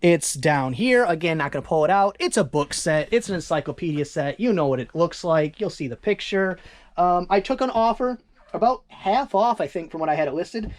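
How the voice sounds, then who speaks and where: Reseller vlogger, mid pitch, casual and rambling, thinks out loud. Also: animated, moderate pace. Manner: rambling, thinking aloud, conversational. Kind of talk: casual vlog chat.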